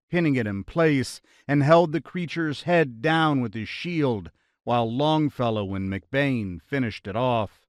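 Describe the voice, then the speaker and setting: A man narrating a fantasy audiobook in a steady, evenly paced storytelling style. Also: mid-range voice, dry recording, studio quality.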